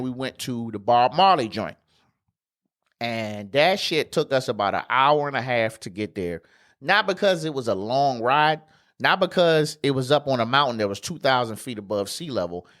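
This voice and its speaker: A man's voice: mid-range voice, expressive, normal speed, fairly bright tone. A man with an ordinary mid-range voice rambles through a travel story on his podcast. He talks casually, swears freely and leans on slang, filling the gaps with fillers as he goes. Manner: slangy and profane, heavy with fillers. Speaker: podcast host.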